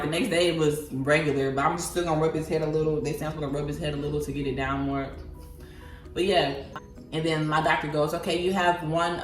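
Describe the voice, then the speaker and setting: A woman in her twenties casually telling a personal story to her viewers, chatty and animated. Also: fairly low pitch. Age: 20s. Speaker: vlogger. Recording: echoey room, voice a bit far from mic, faint music.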